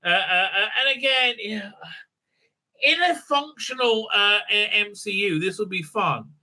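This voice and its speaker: A man's voice: sits high, a little slow, pushed and bright. A man rambling through a casual, sarcastic review recap, full of filler sounds and digressions. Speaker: YouTube reviewer.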